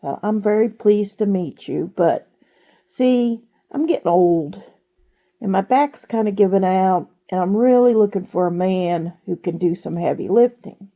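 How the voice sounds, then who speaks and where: A kindly aging farmer, polite but firm and plain-spoken, as a woman narrator quotes him. The voice is low and mellow with some gravel. There is no big character voice. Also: measured pace, natural voice. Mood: regretful.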